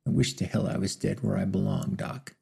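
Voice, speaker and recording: A man voicing a dying old outlaw, croaking. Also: mid-range voice, fairly even intonation, moderate pace, warm tone, heavily acted. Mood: despairing. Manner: weak, croaking, tearful speech. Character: dying frail old male outlaw, remorseful.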